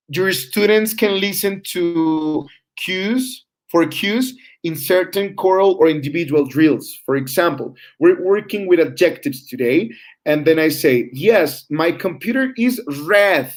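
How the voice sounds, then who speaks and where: Slow, halting man teaching a class. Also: fairly high pitch. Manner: slow, halting, many fillers and restarts, checks understanding with "right?". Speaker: teacher trainer. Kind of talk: online class lecture.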